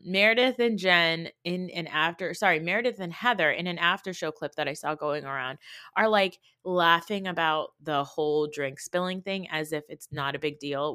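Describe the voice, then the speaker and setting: A woman's voice: fairly low pitch, sharp tone, dry recording, studio quality. Blunt, opinionated woman recapping reality TV. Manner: opinionated, blunt, swears freely; mocking imitations of people. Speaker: podcast host. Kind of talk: casual recap commentary.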